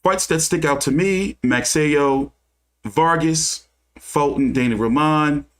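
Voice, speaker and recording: A man's voice: a little high, takes it slowly. Dude on his boxing stream reading news then going off, cussing, just talking into his desk mic. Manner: reads news aloud then rants with cursing. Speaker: boxing channel host. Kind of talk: casual livestream commentary.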